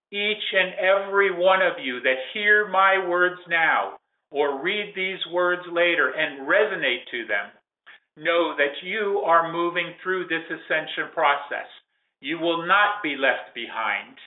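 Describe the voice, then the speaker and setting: A man channeling a calm, benevolent male ascended spirit, speaking in slow, measured, solemn pronouncements. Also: a little high, voice pushed down. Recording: echoey room, tinny phone-like sound.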